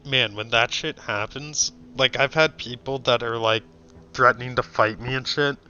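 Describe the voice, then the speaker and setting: A man's voice: mid-range voice, fairly even intonation, normal speed, pushed and bright, a little hiss or hum. A young man streaming, telling a story in casual chat with blunt, profane ranting. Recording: dull lo-fi stream audio.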